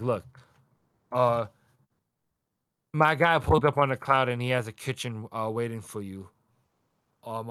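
A man co-hosting a casual podcast, retelling a manga chapter in an animated way, acting out the characters and laughing as he goes. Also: mid-range voice, no echo. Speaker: podcast co-host.

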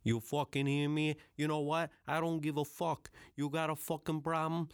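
A man's voice: fairly high pitch, flat delivery, normal speed, clean tone, no echo, clean studio sound, pitched above the performer's own voice, natural voice. A man putting on the voice of a hot-tempered Italian-American tough guy who curses and threatens. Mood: aggressive. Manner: profane, menacing, pushy.

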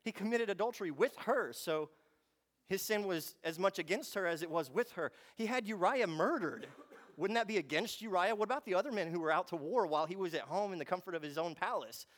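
A man preaching a sermon, moving between quiet reflection and fervent, emphatic passages. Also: high-pitched, lively intonation, fairly quick. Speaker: pastor.

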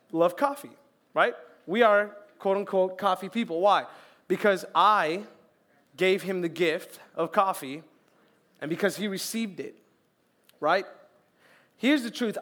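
A young man preaching a sermon as youth pastor, lively and joking, acting out little quotes. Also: high voice, measured pace. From Colombian family, raised in Florida.

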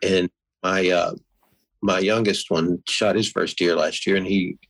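A middle-aged man talking in a casual conversation, sincere and halting, restarting his sentences often. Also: low voice, fairly even intonation, creaky, poor audio.

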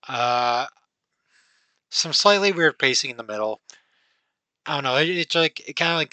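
A man's voice: mid-range voice, bright, forceful tone, no echo, rough recording. A man hosting a casual film-review podcast, rambling with lots of "you know" and "like". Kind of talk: casual chat.

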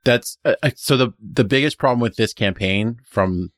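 A man's voice: mid-range voice, normal speed, dry recording, clean studio sound. A man playing in a tabletop game, chatting casually in a rambling, enthusiastic way with many restarts. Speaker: player.

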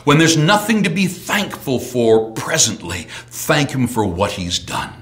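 A middle-aged man preaching a sermon at an ordinary pitch. He leans into hushed, almost whispered lines, then jumps up into ringing shouts. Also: very animated, unhurried. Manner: swings from soft near-whispers to sudden shouts. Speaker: pastor.

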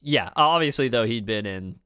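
A man co-hosting a casual chat about a film, animated and quick to laugh. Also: medium pitch, clear, resonant tone, dry recording, clean studio sound. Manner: animated, laughs often, does playful impressions. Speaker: podcast co-host.

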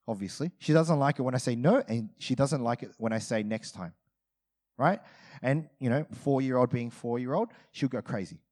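A man in his thirties preaching a sermon in a conversational way, often asking his listeners questions. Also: a little high. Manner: conversational, asks the audience questions. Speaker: pastor.

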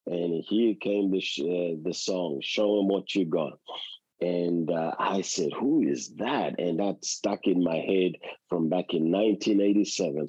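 Deep-voiced Australian man, unwell, on a call. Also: mellow, slightly rough, no echo, dull audio. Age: middle-aged. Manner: earnest, halting with fillers. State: unwell, lying down. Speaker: call-in guest. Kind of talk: live tribute call. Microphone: phone call, audio only.

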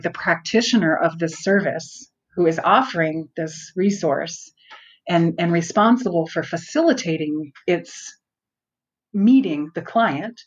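Woman, earnest, reflective, searching for words, muffled sound. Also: on the low side. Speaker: outreach worker and guest. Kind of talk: conversational interview.

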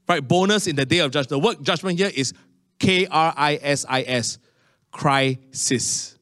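A middle-aged man preaching a sermon, telling stories with animated, rising tones. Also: no echo, clean studio sound. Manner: animated storytelling, rising to high excited tones. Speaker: pastor.

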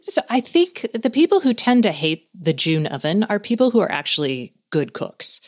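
A woman tech journalist talking casually as an interview guest, lively, and often acting out gadgets in little quoted voices. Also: mid-range voice, normal speed.

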